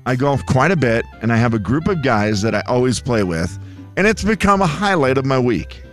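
Male radio co-host, lively storyteller, faint music underneath. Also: mid-range voice. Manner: storytelling, animated. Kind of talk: casual morning radio banter.

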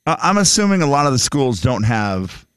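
A man's voice: mid-range voice, big pitch swings, brisk, fairly bright tone, clean tone, no room sound. A man co-hosting a radio show, telling stories in casual banter.

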